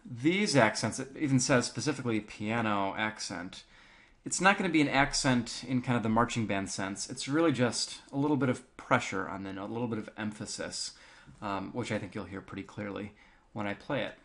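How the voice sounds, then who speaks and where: A male band teacher calmly walking students through a piece, counting beats aloud with frequent ums. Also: mid-range voice, vocal fry. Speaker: music teacher. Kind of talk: instructional walkthrough.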